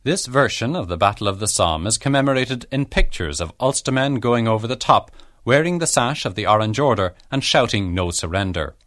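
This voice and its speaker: A man narrates a history documentary from a script, measured and explanatory. His pitch moves expressively through each sentence, and the recording is close and dry, with no room sound. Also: animated, a bit bright, no echo.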